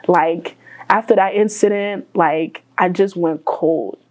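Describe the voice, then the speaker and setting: A woman's voice: lowish voice, fairly even intonation, takes it slowly, darkish tone, low-quality recording. A woman who is a guest in an interview, telling her story in an emotional, casual way with many fillers.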